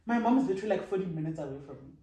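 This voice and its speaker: A woman's voice: on the low side, very fast. A young adult woman, telling stories animatedly as a co-host in casual chat and switching between languages. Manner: animated, code-switching storyteller. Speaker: podcast co-host. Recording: echoey room from far off.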